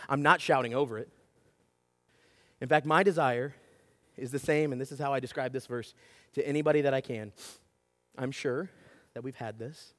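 A man in his thirties preaching a sermon, telling stories with lots of energy and often asking "right?" to the congregation. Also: a little high. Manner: animated storytelling, acts out shouting and whispering, keeps asking "right?". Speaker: pastor. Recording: long hall reverb.

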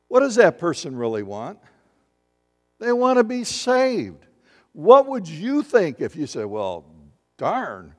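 Animated preacher in a reverberant hall. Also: male voice, on the high side. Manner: animated, conversational, asks the congregation questions and acts out voices. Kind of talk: sermon.

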